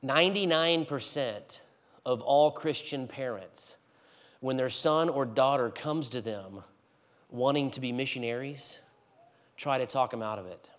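A man preaching in a church, telling a story with animated swings between loud and hushed delivery. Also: medium pitch. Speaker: guest preacher. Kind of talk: storytelling sermon.

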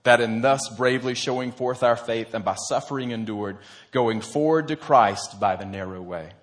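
A man's voice: medium pitch, moderate pace. A man, a church pastor, preaching a sermon in an earnest, conversational storytelling manner.

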